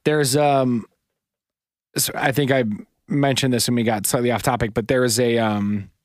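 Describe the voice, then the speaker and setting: A man co-hosts a podcast in casual chat, rambling with lots of fillers and retelling stories. His mid-range voice is flat and moderately paced. The sound is clean studio audio with no echo.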